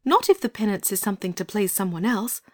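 A man's voice: high voice, very animated, fast talker, darkish tone, no room sound, studio quality, pitched above the performer's own voice. A man reading an audiobook voices an earnest, kind-hearted young girl. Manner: earnest, eager. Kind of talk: audiobook character voice.

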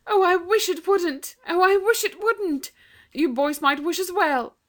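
A woman reading aloud and voicing a gentle, dreamy young girl in a storybook. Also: on the high side, sing-song, slow, voice pushed up, full character voice. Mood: pleading.

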